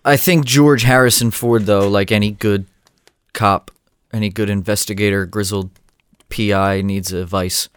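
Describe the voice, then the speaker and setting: A man's voice: fairly low pitch, fairly even intonation, a little slow, clean tone, no echo. A man co-hosting a podcast brainstorm, making wry remarks. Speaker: podcast co-host. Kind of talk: casual brainstorming chat.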